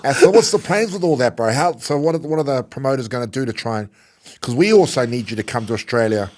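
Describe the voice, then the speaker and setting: A man's voice: medium pitch, animated, quick pace, darkish tone. A man who hosts a podcast, chatting in an easygoing, joking way. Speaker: podcast host. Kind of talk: casual chat.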